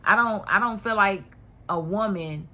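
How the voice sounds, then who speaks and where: A woman giving a casual, chatty recap of a TV drama episode, animated and full of rhetorical questions. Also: medium pitch, moderate pace. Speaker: TV show reviewer.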